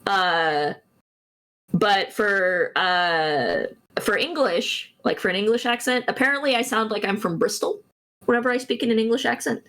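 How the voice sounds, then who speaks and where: Halting, giggly woman streamer. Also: mid-range voice, a bit bright. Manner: rambling, halting, lots of restarts and giggles. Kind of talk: casual stream chat.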